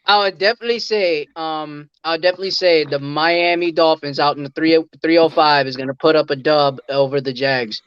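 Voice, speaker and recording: A man's voice: a little high, fairly even intonation, a little fast, hardly any pauses, fairly bright tone, clean tone, muffled recording. A man on a sports podcast panel, playful and rambling as he gives his pick. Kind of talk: casual podcast chat.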